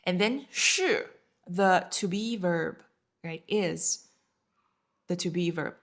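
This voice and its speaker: A woman teaching a beginner Chinese class, patiently repeating each word and checking in with her learners. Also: lowish voice. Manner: patient, repeats words slowly. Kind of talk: language lesson.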